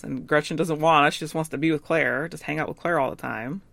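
A woman's voice: low voice, fairly even intonation, vocal fry, fairly bright tone, no room sound. Dry-sounding woman retelling a plot. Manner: retells scenes with quick acted quotes, filler "like". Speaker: podcast co-host. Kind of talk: casual recap chat.

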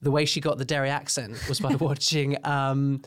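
A man's voice: mid-range voice, little pitch movement, normal speed. A man co-hosting a podcast who chats casually in an easygoing, teasing way. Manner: easygoing and teasing, prone to playful pleading. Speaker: podcast co-host. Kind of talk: casual chat.

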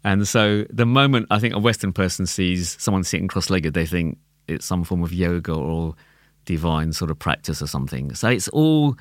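A man with a London accent, a tabla player talking as a guest in a casual conversation, animated and quick to laugh, often repeating words as he thinks. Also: sits low, no room sound, studio quality.

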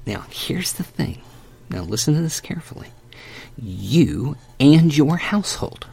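A man preaching a conversational sermon, animated and emphatic, with folksy asides as he walks through a Bible passage. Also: on the high side, unhurried, gravelly, husky.

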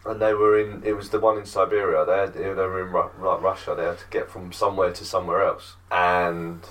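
A man's voice: sits low, little pitch movement, a little fast, fairly bright tone, far from the mic. A man hosting a podcast, telling a story in a rambling, casual way full of fillers and restarts. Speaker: podcast host.

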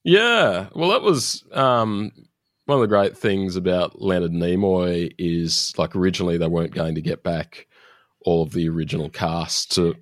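A man's voice: sits low, moderate pace, no echo, studio quality. A man co-hosting a podcast, chatting casually as he recaps an episode, laughing often and using lots of fillers. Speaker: podcast co-host.

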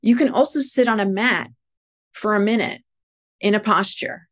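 A middle-aged woman, a spiritual life coach, explaining ideas calmly in a casual podcast conversation. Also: mid-range voice, normal speed.

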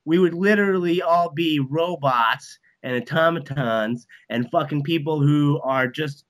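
A man in casual podcast chat, rambling and emphatic, peppering every line with swearing. His voice is forceful and bright and sits a little high for a man. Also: unhurried. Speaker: guest, band manager.

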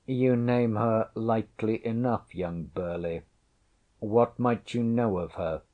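A man's voice: lowish voice, fairly even intonation, slow pace, phone-quality sound. A man doing a proud teasing noble lady. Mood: wry, regal. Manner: archaic, haughty, wry. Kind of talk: audiobook character voice.

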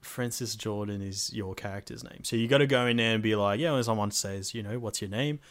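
A relaxed man chats loosely about playing a game with his friend. His voice sits a little low, and he often restarts mid-sentence in an easygoing way. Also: a little fast. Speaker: podcast co-host. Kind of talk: casual chat.

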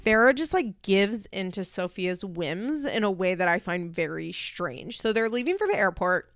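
A woman giving a casual, opinionated recap, chatty with many fillers and acting out quotes in high voices. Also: big pitch swings, moderate pace, fairly bright tone, no room sound, studio quality. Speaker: commentator recapping a reality show.

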